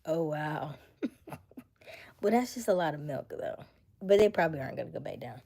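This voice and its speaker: A woman's voice: low-pitched, expressive, normal speed, creaky, dark tone. A young adult woman hosting a livestream, chatting casually with viewers and often dropping to a near whisper. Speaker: livestream host reading chat. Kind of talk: casual chat.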